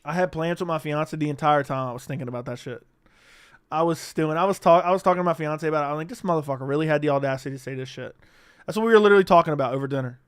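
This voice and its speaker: A man's voice: a little high, rapid-fire, fairly bright tone, clean tone, dry recording, studio quality. A young adult man hosting a live stream, chatting casually and profanely while reading out viewer comments. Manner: casual, profane, reads chat comments aloud. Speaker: livestream host.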